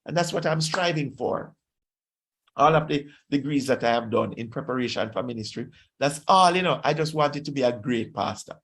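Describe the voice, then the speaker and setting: A man's voice: mid-range voice, animated, normal speed, a bit bright. A pastor with a Jamaican accent preaching a sermon, exhorting his listeners and slipping into Patois phrases.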